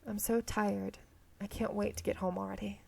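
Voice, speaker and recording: A woman reading a romance game's narration aloud, with a touch of vocal fry in a mid-range voice. She stumbles on words and corrects herself with casual asides. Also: medium pitch, level tone, normal speed, darkish tone. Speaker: game streamer reading aloud.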